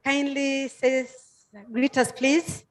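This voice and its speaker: A woman's voice: high-pitched, flat delivery, takes it slowly. A Kenyan woman emceeing a public meeting, making friendly, coaxing announcements to the audience. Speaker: master of ceremonies. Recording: echoey hall with faint music.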